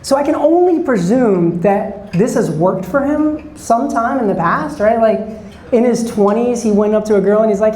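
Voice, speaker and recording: Mellow-voiced male comic in a roomy club. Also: sits high, moderate pace. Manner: chatty, bantering with the audience. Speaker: stand-up comedian. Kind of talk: stand-up set with crowd work.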